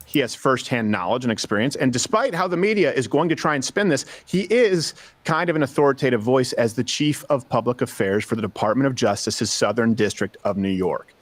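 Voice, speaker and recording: A man's voice: medium pitch, lively intonation, fairly quick, dry recording. A man hosting a political commentary show, speaking emphatically in scripted narration and putting rhetorical questions to his audience.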